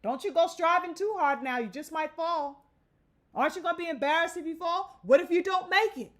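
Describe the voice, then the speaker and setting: A woman's voice: very high-pitched, fairly quick, a bit bright. A woman putting on the voice of a condescending naysayer who sings out taunting warnings. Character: mocking, fearmongering naysayer, folksy and condescending.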